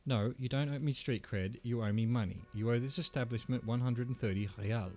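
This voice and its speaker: Man voicing a grumpy middle-aged hostel manager, curt, irritated, medium pitch. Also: fairly quick, warm tone, lightly acted.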